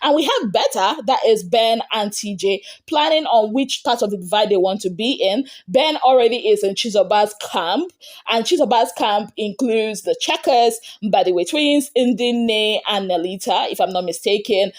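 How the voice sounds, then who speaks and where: A woman hosting an entertainment gossip show, recapping reality TV fights in a casual, animated way. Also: normal speed. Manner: animated retelling, acting out quotes with big pitch jumps.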